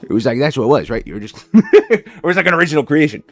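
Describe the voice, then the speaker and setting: A man's voice: on the high side, big pitch swings, fast talker, faint music behind. A man streaming a game, chatting casually with viewers and cooing baby talk at his dog.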